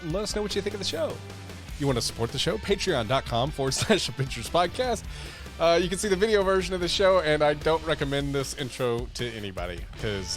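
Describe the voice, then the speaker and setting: A man hosting a podcast in a casual, playful, jokey and energetic way. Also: medium pitch. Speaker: podcast host.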